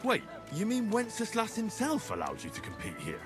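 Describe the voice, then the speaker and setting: An actor voicing an earnest, cautious young hero who asks careful questions. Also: male voice, high-pitched, wildly swooping pitch, moderate pace, over music.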